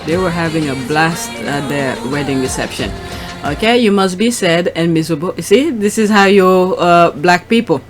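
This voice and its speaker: A woman's voice: lowish voice, moderate pace, faint music behind. A woman hosting her channel, giving casual commentary on clips and posts. She reacts aloud as she scrolls. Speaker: channel host.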